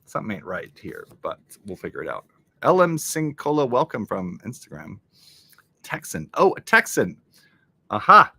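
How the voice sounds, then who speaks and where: Reading crossword clues out loud and muttering guesses along the way, a live-stream host works through a puzzle casually. His lowish voice is gravelly, pushed and bright, with no room sound.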